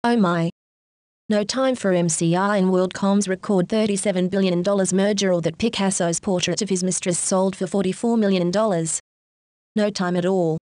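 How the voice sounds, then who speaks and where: A woman's voice: mid-range voice, steady tone, moderate pace, darkish tone, no echo, close to an everyday voice. A woman playing a smug robot news announcer. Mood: wry. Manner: dry, sarcastic, mock-formal. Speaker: podcast segment robot.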